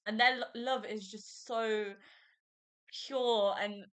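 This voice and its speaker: A young woman hosting a book podcast, chatting through chapters in a gushing, excitable way with frequent laughs and fillers. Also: fairly high pitch, slow, clean tone. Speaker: podcast host. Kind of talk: casual book review chat.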